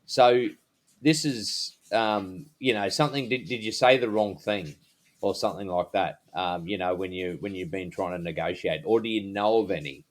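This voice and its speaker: A man's voice: deep voice, normal speed. A man, a podcast co-host, talking in a rambling, casual way. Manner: rambling, full of fillers and restarts. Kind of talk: casual chat.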